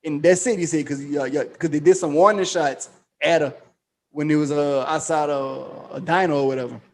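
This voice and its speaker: A slightly high-voiced man co-hosts a casual podcast at a moderate pace, with a little background noise. He retells a show's plot in slangy, profane language, animatedly performing the characters' quoted lines.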